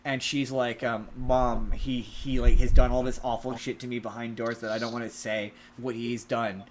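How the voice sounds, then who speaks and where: A man's voice: mid-range voice, little pitch movement, normal speed, low-quality recording. Guy rambling through a movie plot on a podcast, lots of ums, faint hiss behind. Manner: rambling, many restarts and filler ums, acts out quotes. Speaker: podcast co-host. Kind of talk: casual podcast chat, recapping a movie.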